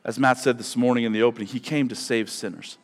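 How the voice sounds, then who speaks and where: A man's voice: medium pitch, fairly even intonation, quick pace. A male pastor delivering a sermon in a conversational, digressive way with dramatic emphasis. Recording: long reverb of a large hall.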